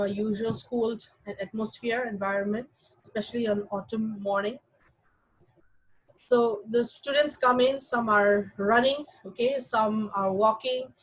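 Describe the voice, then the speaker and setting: Husky-voiced woman teaching English. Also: medium pitch, poor audio. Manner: explanatory, checks in with the class often. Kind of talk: reading and explaining a story to a class.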